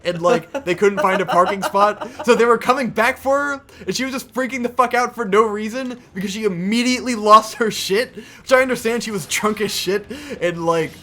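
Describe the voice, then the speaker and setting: A man's voice: high-pitched, a little fast, few pauses, sharp tone. A young man co-hosting a podcast, telling a story in a casual, exasperated rant with heavy swearing. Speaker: podcast co-host.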